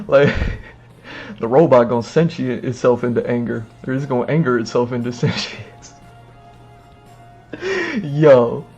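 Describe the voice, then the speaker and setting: A man streaming live, giving loose slangy reaction commentary, excitable and often breaking into laughter. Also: medium pitch, a little slow, long pauses. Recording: muffled, with music behind.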